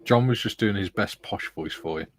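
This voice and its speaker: Low-voiced man hosting a livestream. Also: normal speed, a little hiss or hum. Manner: reads viewer comments aloud and greets them. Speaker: host of a live model-building stream. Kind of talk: casual live-stream chat.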